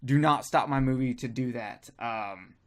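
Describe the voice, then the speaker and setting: A man hosting a casual podcast, talking at a middle pitch. He rambles through restarts and drops crude jokes as he chats with friends. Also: a little slow. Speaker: podcast co-host.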